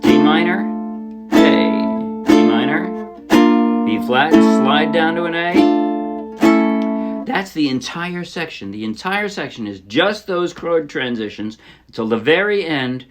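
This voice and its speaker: A man with a fairly high, very lively voice walks through ukulele chords in a relaxed, offhand way. He often stops to correct himself as he explains. His own ukulele strumming rings loudly under his voice. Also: takes it slowly, long pauses, over loud music. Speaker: ukulele teacher. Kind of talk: casual instructional talk. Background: his own ukulele playing.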